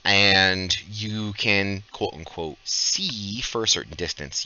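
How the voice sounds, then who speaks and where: Deep-voiced man explaining game rules. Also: sharp tone, muffled recording. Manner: explains rules at length with many fillers. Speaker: podcast host and game master. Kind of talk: casual podcast Q&A.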